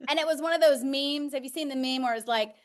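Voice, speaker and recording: High-voiced chatty woman co-host. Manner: laughing, chatty, quick agreement. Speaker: podcast co-host. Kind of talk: casual chat.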